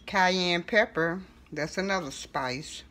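A middle-aged woman hosting a casual home cooking tutorial, talking in a relaxed, chatty way with fillers and self-corrections. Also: on the low side, slow, slight background noise. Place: home kitchen.

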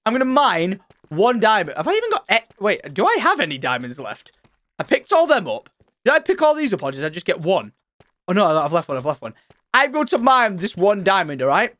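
Excitable guy playing minecraft, jumps all over in pitch, dead dry sound. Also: a little fast, no room sound. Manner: excitable, shouts and squeals at surprises. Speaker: gaming channel host. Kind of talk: Minecraft let's play commentary.

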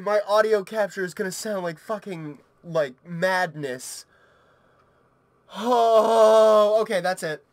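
Young man, high-pitched voice, horror game let's play, panicky, swearing, shouting then muttering. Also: slow pace. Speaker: gaming YouTuber.

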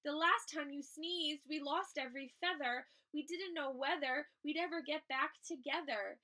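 A woman's voice: high-pitched, moderate pace, pushed and bright. Picture-book bird flock, fretful and pleading, voiced by a woman reader. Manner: pleading, rhyming.

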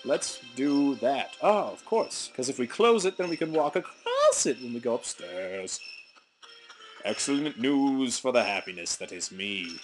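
A man's voice: medium pitch, lively intonation, unhurried. A young man commentating his gameplay in a goofy, rambling, self-mocking way. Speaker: let's play host. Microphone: desk mic at a computer. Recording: game music underneath. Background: game music.

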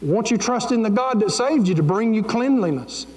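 A man's voice: high voice, expressive, normal speed, darkish tone. A man preaching a fervent, pleading sermon as pastor of his church. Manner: fervent, pleading, folksy preaching with Southern grammar. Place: church sanctuary. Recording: echoey church sanctuary with long reverb.

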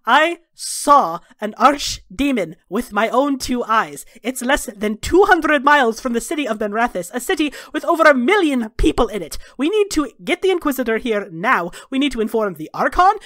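A woman's voice: sits high, very animated, normal speed, few pauses, a bit bright, dry recording, clean studio sound, pitched above the performer's own voice. A woman voicing an agitated male elven agent who speaks urgently and insistently.

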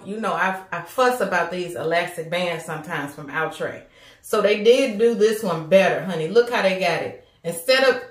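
A woman chatting casually to viewers as she reviews a wig, calling them honey and baby. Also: medium pitch. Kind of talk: casual product review vlog. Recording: echoey room.

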